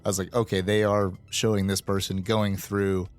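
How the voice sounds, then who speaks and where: A man co-hosting a podcast, talking about a movie in halting, casual chat. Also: on the low side, flat delivery, soft background music. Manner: halting, lots of back-channel murmurs. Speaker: podcast co-host.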